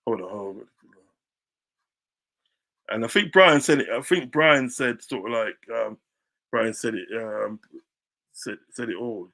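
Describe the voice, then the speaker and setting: A man streaming live as a football fan, ranting in a heated, combative way, repeating phrases and swinging into loud shouts. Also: lowish voice, unhurried, creaky, long pauses.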